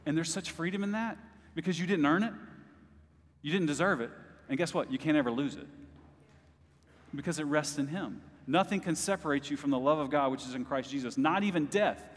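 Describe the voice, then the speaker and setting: A man's voice: a little high, brisk. A male pastor preaching a sermon to his congregation, speaking directly to them and rising to impassioned bursts. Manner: talks directly to the congregation as "y'all". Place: church service. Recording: long hall reverb.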